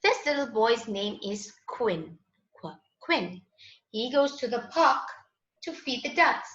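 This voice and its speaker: A woman leads a children's phonics lesson at an unhurried pace, patient and sing-song. Her voice is bright and clear. The recording is roomy with a dull lo-fi sound. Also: on the high side, expressive. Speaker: teacher. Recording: echoey, dull lo-fi room sound.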